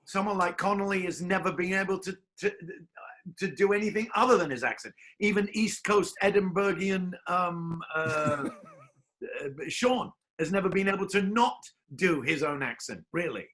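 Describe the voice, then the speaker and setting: A man's voice: high voice, lively intonation, moderate pace, fairly bright tone, low-quality recording. A man hosting a casual interview over a video call, asking questions in a playful, enthusiastic way. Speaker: host.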